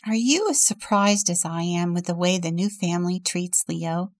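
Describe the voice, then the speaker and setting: A woman deacon reading a children's story aloud and then reflecting on it, in a gentle storytelling manner that asks questions of the listener. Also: lowish voice, moderate pace, no room sound, clean studio sound.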